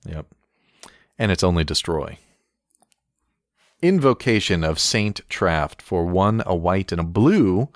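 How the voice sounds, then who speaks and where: A low-voiced man chats wryly on a podcast, chuckling as he reads card text aloud. The recording is dry and close, with no room sound. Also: animated, slow, long pauses, dry recording. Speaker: podcast co-host. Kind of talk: casual chat reviewing game cards.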